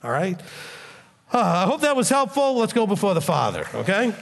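Man preaching, blunt and animated, fairly high voice, lively pitch, long hall reverb. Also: normal speed, gravelly, noisy background. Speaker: pastor. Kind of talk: sermon and closing prayer.

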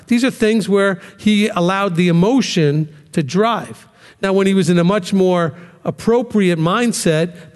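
A man with a high-pitched voice gives a conversational sermon-style lesson to a ministry class. He keeps checking in with the listeners and acts out the voices he quotes. The sound carries a long reverb, like a large hall.

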